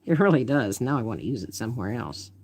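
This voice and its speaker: Woman artist, casual live-stream chat, thinks aloud and murmurs, lively swooping delivery. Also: rumbling low, fast. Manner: thinks aloud while painting, trailing off into murmurs.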